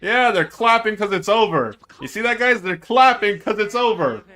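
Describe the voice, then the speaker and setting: A man streaming himself reacting to an esports match, excitable and teasing, with drawn-out dramatic groans. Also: high voice, faint music behind. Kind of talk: casual live-stream reaction commentary.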